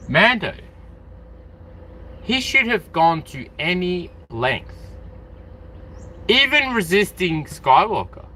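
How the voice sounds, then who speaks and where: An animated man hosting a casual live stream, rambling freely and calling out to viewers by name. His voice is bright and lively, jumping around in pitch. He sounds like he is from Australia. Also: slight background noise.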